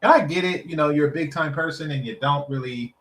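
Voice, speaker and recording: A man's voice: on the high side, fast talker, fairly bright tone, reverberant, a little hiss or hum, low-quality recording. A man giving frank, casual reaction commentary on an interview clip. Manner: frank, blunt, wry.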